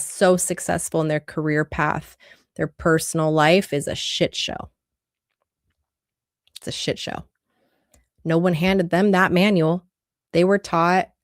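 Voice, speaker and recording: A woman's voice: fairly low pitch, no room sound, clean studio sound. A woman relationship coach giving an earnest, conversational livestream talk full of rhetorical questions.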